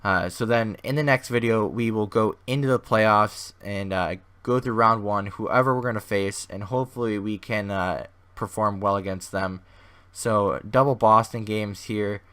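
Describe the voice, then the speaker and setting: A man with a hoarse, fading voice giving casual, rambling commentary over a video game as host of his gaming channel. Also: lowish voice, fairly even intonation, moderate pace, fairly bright tone. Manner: rambling, thinks aloud with many restarts.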